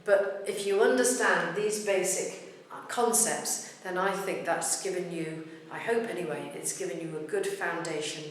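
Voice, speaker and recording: A woman's voice: fairly low pitch, distant mic. Patient woman teaching, echoey room. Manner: patient, measured, demonstrates words slowly. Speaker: language teacher. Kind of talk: explanatory lesson.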